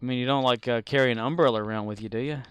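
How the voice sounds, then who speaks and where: A man's voice: mid-range voice, smooth, no room sound. A man streaming a game, chatting casually with viewers in a rambling way and chuckling often. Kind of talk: casual live-stream chat.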